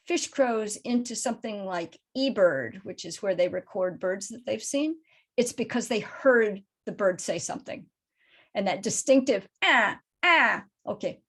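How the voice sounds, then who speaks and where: Woman researcher answering audience questions. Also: fairly high pitch. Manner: thoughtful, explanatory, careful not to oversimplify. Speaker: crow researcher and guest speaker.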